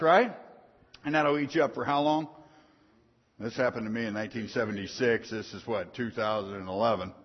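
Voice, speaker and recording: A middle-aged man preaches with a folksy, storytelling delivery, dropping to quiet asides and then punching lines out loud. His voice sits a little high and sounds husky. The recording is muffled and carries a long hall reverb. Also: fast talker. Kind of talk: sermon.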